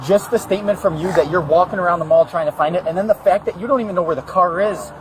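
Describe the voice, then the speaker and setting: A man's voice: high-pitched, quick pace, crowd noise, poor audio. A man, a police officer, lecturing a mother sternly and cutting in to challenge her story. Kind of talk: police questioning. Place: outdoor mall parking lot. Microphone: police bodycam. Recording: bodycam audio with loud noise.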